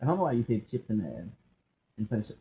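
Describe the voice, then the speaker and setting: A man's voice: mid-range voice, wildly swooping pitch, fast, breathy edge, phone-quality sound. A young man vlogging in a loose, joking monologue, rambling and cutting himself off, now and then singing bits of songs. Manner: joking, self-interrupting, breaks into singing song lyrics. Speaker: gaming and movie vlogger. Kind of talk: rambling casual monologue with sung snippets.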